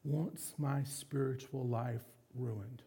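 A man's voice: mid-range voice, fairly even intonation, slow pace, gravelly, mellow, slightly rough. A man preaching a sermon as a pastor, candid and confessional with self-deprecating humor.

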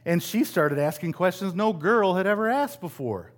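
A man's voice: high-pitched, animated, moderate pace. A middle-aged man from West Michigan preaching a sermon in a conversational, self-deprecating way, asking the congregation rhetorical questions. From West Michigan, USA. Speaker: pastor.

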